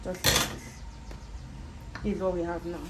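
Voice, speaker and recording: A woman's voice: lowish voice, monotone, moderate pace. A woman with a Nigerian accent walks through a sewing project step by step, patiently repeating each instruction as she works. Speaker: sewing tutor. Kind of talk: casual step-by-step sewing tutorial. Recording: roomy echo with faint background noise.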